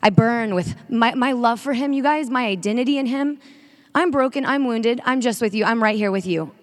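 A woman giving an energetic sermon-style talk to a women's audience, drawing call-and-response. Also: fairly high pitch, moderate pace. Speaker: speaker at a women's faith event. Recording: long reverb of a large hall.

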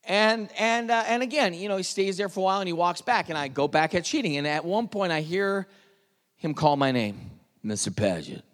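A man giving an earnest personal testimony, dropping to a hush at the tense moments. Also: high-pitched, fairly quick, long reverb tail. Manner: earnest storytelling, drops to hushed tones at tense moments. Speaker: speaker telling his testimony.

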